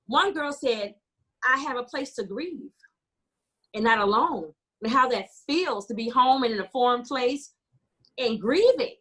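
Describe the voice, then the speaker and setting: An American woman community organizer on a panel tells stories passionately, quoting what people said. Her voice is high-pitched and a bit bright.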